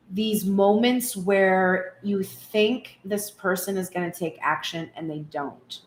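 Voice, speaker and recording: This tarot reader is a woman with a medium-pitched voice, recorded in a reverberant space. Her casual reading is chatty and self-mocking; she swears freely and acts out what people say.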